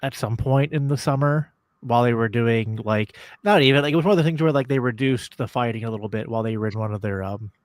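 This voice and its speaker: A man's voice: mid-range voice, fast, dry recording. A man co-hosting a casual political podcast, thinking aloud with many "like" fillers. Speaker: podcast co-host.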